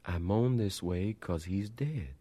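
A man's voice: sits low, moderate pace, darkish tone. A man doing a sorrowful old woman. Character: old woman singer of spirituals, sorrowful and wise.

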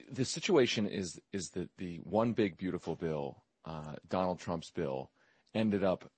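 A man giving measured interview answers, explaining with occasional fillers. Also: low voice, darkish tone, no room sound. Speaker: interview guest.

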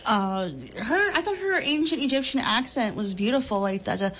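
A woman in her thirties co-hosting a podcast, talking in a loose, rambling, animated way with plenty of fillers and laughs. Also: on the high side, moderate pace, slight background noise. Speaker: podcast co-host. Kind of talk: casual chat.

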